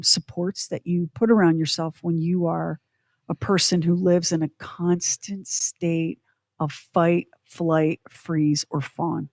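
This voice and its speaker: A woman's voice: lowish voice, a little mellow, no echo, clean studio sound. A middle-aged woman co-hosting a podcast, telling a personal story in an earnest, reflective way. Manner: earnest, reflective, speaking openly about her past. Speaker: podcast co-host.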